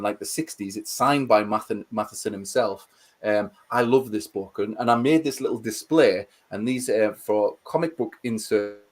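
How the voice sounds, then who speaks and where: A man co-hosting a casual livestream chat, animated and swearing as he rants about films. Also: on the low side. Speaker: co-host.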